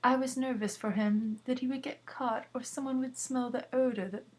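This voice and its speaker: A woman's voice: sits high, steady tone, normal speed, a little mellow. A woman casually reading a book aloud, with asides and self-corrections. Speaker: reader.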